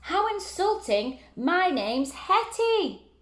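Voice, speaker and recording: A woman voicing an insulted female monster who speaks in an offended, drawn-out way. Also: very high-pitched, very animated, slight background noise, pitched above the performer's own voice, heavily acted. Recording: roomy echo.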